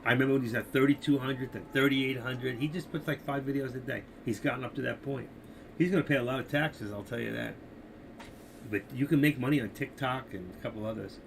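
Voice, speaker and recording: Gravelly older man rambling on a stream. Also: mid-range voice, fairly even intonation, a little fast, a little hiss or hum. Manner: rambling, opinionated, talks to viewers directly. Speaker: live stream host. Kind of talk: casual live-stream chat about markets.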